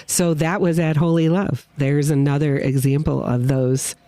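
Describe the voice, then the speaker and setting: Animated woman telling a heartfelt story. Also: low-pitched, normal speed, no room sound. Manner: animated, emotional storyteller who acts out quotes. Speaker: guest witness. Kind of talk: personal story told in a podcast interview. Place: winery.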